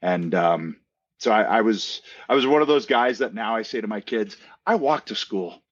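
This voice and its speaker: A middle-aged man from Canada, a podcast guest telling stories in a casual, animated way with jokey asides and plenty of fillers. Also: on the low side, normal speed, lo-fi sound. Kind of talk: casual storytelling interview.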